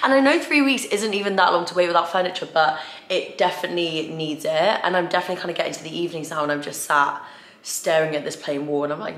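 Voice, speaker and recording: Give me a low-voiced young woman, slightly raspy, chatting casually in an echoey room. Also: fast, fairly bright tone. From England. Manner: chatty, filler-heavy, emotional and choked up at times. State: tired. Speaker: fitness vlogger. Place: home room, indoors.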